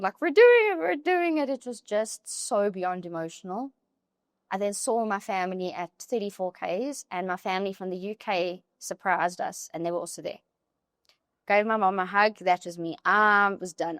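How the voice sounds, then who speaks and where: A young woman, a podcast guest telling a personal story in an animated way, full of "like" fillers. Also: medium pitch, normal speed, no echo, clean studio sound.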